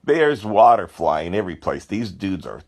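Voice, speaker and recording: A man with a low, deep voice talks casually about his own paintings. His pitch swings widely as he gets excited, and he wanders off into side stories and exclamations. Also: moderate pace. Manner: animated, rambling, full of asides and excited exclamations. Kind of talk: casual chat.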